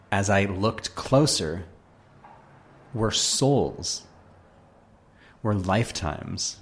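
Deep-voiced man telling an earnest story. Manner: earnest, animated, repeats phrases. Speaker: podcast host. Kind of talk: personal storytelling monologue.

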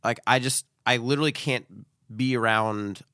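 A man's voice: mid-range voice, steady tone, normal speed, sharp tone, clean tone. A man co-hosting a casual talk show, reading list items aloud and commenting on them. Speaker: podcast co-host.

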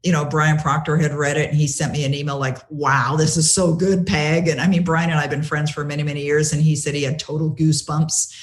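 Animated woman telling a story. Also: low voice, fast talker, hardly any pauses. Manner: animated, retells conversations with lively quoting; many fillers and restarts. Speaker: guest author. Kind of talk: storytelling interview answer.

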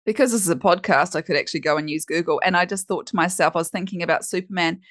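A woman's voice: fairly low pitch, very fast, a bit bright, no echo, studio quality. A woman hosting a podcast as a coach, talking in a candid, chatty way and swearing now and then. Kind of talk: casual podcast monologue.

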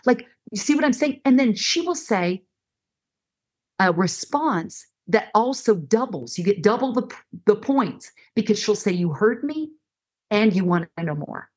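A middle-aged woman counselor explaining listening skills in conversation, animated and acting out example dialogues. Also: mid-range voice, measured pace. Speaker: counselor and guest. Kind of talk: conversational teaching.

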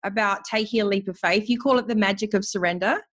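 A woman hosting a spiritual conversation, speaking in an enthusiastic, flowing and expressive way. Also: medium pitch, fast. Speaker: podcast host.

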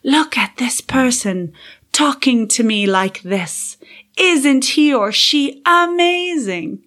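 Woman doing a hushed British wildlife narrator. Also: high-pitched, lively intonation, slow pace, voice pushed up, heavily acted. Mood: awed. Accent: British, put on. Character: male nature documentary narrator, hushed and awed.

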